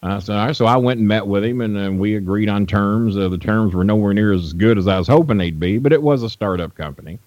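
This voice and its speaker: A Louisville, Kentucky wrestling manager rattles off rambling, profane tales as a guest in a casual interview, his fairly low voice quick and almost pause-free. The tone is darkish, and the recording is dry and muffled.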